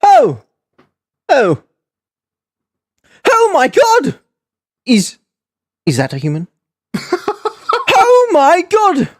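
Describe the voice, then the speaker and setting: Papyrus, a woman doing a booming pompous skeleton. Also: wildly swooping pitch, drawn-out words, long pauses, heavily acted. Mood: excited. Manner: booming, theatrical, flamboyant. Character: loud pompous male skeleton, excitable and grandiose. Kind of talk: voice acting audition takes.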